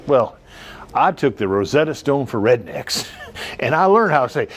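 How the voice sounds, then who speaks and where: A middle-aged man pitches his own car lot in an off-the-cuff, joke-filled ad. He rambles, chases tangents with asides, then steers himself back to the sales pitch. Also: sing-song, normal speed. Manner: rambling, jokey, drifts off topic with asides. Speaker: car dealership owner.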